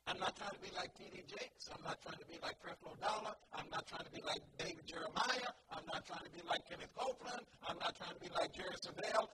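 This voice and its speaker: A man's voice: high voice, moderate pace. A male preacher delivering a sermon, peppering his lines with amens and repeating phrases for emphasis. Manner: rhythmic, peppers lines with "amen" and "glory to God". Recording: distant mic with loud background noise.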